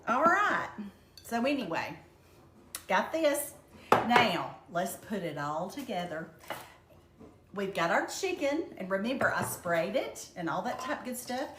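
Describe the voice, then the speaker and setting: A woman's voice: mid-range voice, big pitch swings, measured pace, pauses often. Chatty Southern woman cooking in an echoey kitchen. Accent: Southern American. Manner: chatty, folksy, addresses viewers as y'all. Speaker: home cook. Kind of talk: casual cooking demonstration. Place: home kitchen. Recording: echoey kitchen with background noise.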